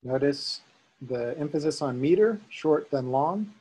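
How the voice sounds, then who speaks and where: Slow, calm male Sanskrit teacher. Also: a little high, husky, lo-fi sound. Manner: calm, unhurried, chants tones for students to repeat. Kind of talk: slow guided chanting lesson.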